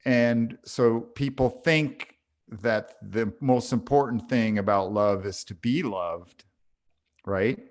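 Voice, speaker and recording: A man co-hosting a podcast, speaking slowly and thoughtfully about love and parenting. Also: medium pitch. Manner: slow, thoughtful, reflective. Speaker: podcast co-host. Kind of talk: reflective conversation.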